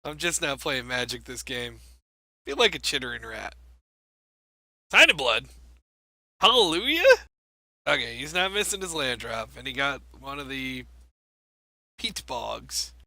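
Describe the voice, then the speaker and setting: Man, young adult, card game commentary, wry, self-mocking, bright tone, dry close sound. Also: mid-range voice, normal speed, creaky, dry recording. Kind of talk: gameplay commentary.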